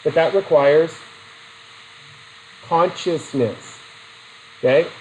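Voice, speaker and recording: A man's voice: on the high side, extremely slow, slight background noise, rough recording. A middle-aged man teaching a psychology class in a chatty way, asking the students questions and telling personal stories. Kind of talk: classroom lecture.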